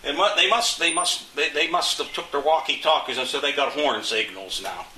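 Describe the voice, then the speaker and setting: A man's voice: a little high, normal speed, pushed and bright, echoey room, recorded from a distance, slight background noise, poor audio. An older man in a casual interview, telling folksy, indignant stories about his community, restarting and repeating words as he goes. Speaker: interviewee, local resident.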